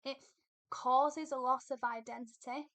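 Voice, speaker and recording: A woman's voice: sits high, fairly even intonation, measured pace, fairly bright tone. A woman teaching a poetry lesson, explaining patiently and thinking aloud with fillers and repeated phrases. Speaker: English literature teacher.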